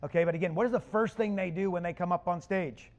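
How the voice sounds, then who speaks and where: A man presenting a live business seminar to an audience, loud, punchy and casual with slang. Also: high-pitched, quick pace. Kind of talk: energetic live seminar talk. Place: conference room with an audience.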